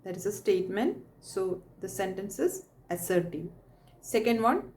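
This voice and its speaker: A woman's voice: medium pitch, lively intonation, a little slow, a little mellow, far from the mic. A woman teacher explaining grammar step by step and often asking checking questions like "right?" to her pupils. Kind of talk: recorded grammar lesson. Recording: echoey room, voice off mic.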